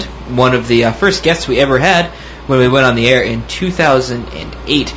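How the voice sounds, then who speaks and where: Casual young New radio host. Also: male voice, fairly high pitch, fairly bright tone. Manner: casual, self-joking. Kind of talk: radio talk show hosting. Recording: dull lo-fi radio audio with faint hiss.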